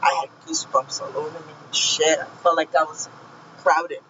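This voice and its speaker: A woman's voice: deep voice, fairly even intonation, normal speed, muffled recording, background noise. A woman telling her own painful story in a vlog, heated and profane, speaking with raw feeling. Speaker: vlogger recounting her own experience. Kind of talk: emotional personal storytelling.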